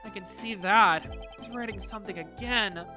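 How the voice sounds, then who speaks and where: A woman streamer giving casual, excitable commentary on a game, swearing and laughing often. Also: medium pitch, moderate pace, over music.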